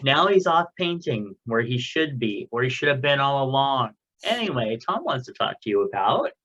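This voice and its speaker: A man's voice: medium pitch, sing-song, normal speed, a bit bright. Blunt man on a dull-sounding podcast line. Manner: blunt, swears freely. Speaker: podcast co-host. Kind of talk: casual chat.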